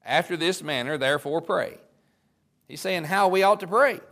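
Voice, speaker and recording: A man's voice: fairly high pitch, normal speed, creaky, a bit bright. A man, a pastor, preaching a sermon in a conversational way, stopping and restarting as he goes and reading scripture aloud.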